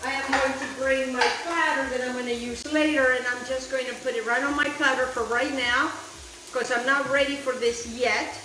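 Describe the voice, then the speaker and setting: A woman's voice: high voice, fairly even intonation, normal speed, reverberant, background noise. A woman hosting a casual cooking demonstration, chatty and enthusiastic, who drops Italian phrases into her talk while she cooks outdoors. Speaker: cooking show host. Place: outdoor kitchen, windy.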